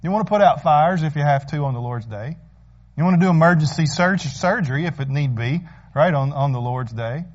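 A man's voice: a little high, fairly quick, highs cut off. A man preaching a sermon as pastor, earnest and asking the congregation rhetorical questions.

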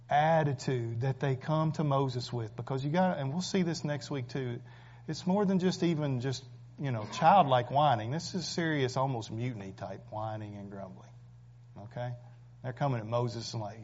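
A man's voice: medium pitch, measured pace, a little mellow. A man preaching a sermon, emphatic and full of rhetorical questions. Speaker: pastor. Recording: dull lo-fi recording.

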